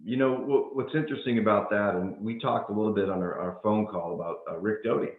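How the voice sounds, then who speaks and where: Low-voiced man on a tinny phone line. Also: fairly quick, echoey room. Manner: conversational, retelling a story. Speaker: interviewer. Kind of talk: casual interview talk.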